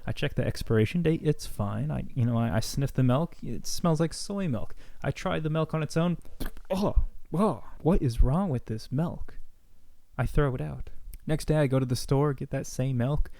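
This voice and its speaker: A young man telling a comic story in a deadpan, mock-serious rambling way, like a vlogger's monologue. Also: medium pitch, normal speed, vocal fry, no room sound. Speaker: comedy vlogger.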